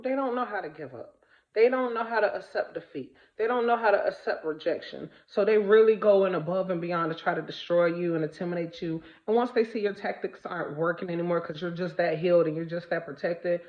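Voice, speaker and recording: On dull audio, a woman with a voice on the low side gives an informal spiritual vlog monologue, emphatic and outspoken. She repeats phrases to drive them home and curses freely.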